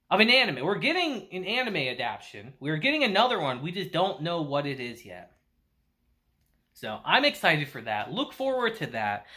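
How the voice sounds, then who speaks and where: Chatty young male reviewer, bright tone, animated pitch, laughs and swears. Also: normal speed. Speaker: anime reviewer. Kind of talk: casual video review.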